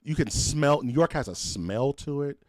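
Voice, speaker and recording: A man's voice: medium pitch, lively intonation, normal speed, no echo, studio quality. A man co-hosting a podcast, telling loose, profane stories in casual chat. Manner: loose storytelling, swears freely, puts on voices for quotes. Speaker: podcast co-host.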